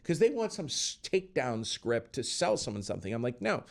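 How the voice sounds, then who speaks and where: A middle-aged man hosting a casual interview, talking in a lively way and acting out the voices of people he quotes. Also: mid-range voice, brisk. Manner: animated, acts out quoted voices. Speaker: podcast host.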